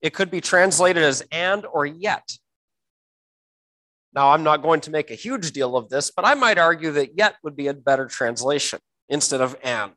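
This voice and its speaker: A man teaching a Bible verse word by word, often pausing with fillers and repeating words, slowing down to stress key phrases. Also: fairly high pitch, animated, pushed and bright, rough recording.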